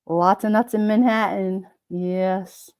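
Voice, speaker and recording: A woman's voice: medium pitch, steady tone, slow, darkish tone, clean tone, dry recording, studio quality. A middle-aged woman with a New York accent, hosting a casual livestream and chatting with viewers as she reads their comments, joking and laughing often. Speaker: livestream host. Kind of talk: casual live chat reading comments.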